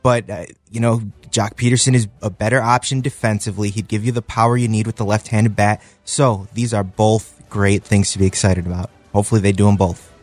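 A man on a sports talk panel, speaking in an upbeat way and pausing to restart his thoughts. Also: lowish voice, steady tone, faint music behind.

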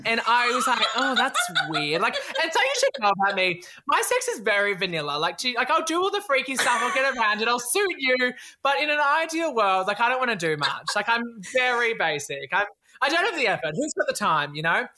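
Lively, high-voiced woman. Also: a little fast, background noise. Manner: animated, laughs often, acts out voices. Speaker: podcast co-host. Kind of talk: casual chat, storytelling.

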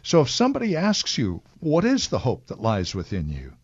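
A man hosts a Christian call-in show in a folksy, easygoing way. His voice sits at a medium pitch and comes through a slightly muffled, lo-fi radio signal. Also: wildly swooping pitch, normal speed, slightly rough. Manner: folksy, chatty, laughs easily. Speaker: radio talk show host. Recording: lo-fi radio broadcast.

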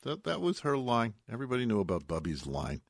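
With a fast, sing-song, creaky delivery in a mid-range voice, a man preaches on the weekly Bible portion as a rabbi's Torah talk. He tells it like a story, weaving in folksy asides and Hebrew words, and the studio sound is clean with no room sound.

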